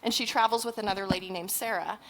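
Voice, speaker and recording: A woman in her forties, a parenting trainer giving a humorous conference talk, chatty and animated, with asides and self-deprecating jokes. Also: mid-range voice, fast talker, rough recording. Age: 40s.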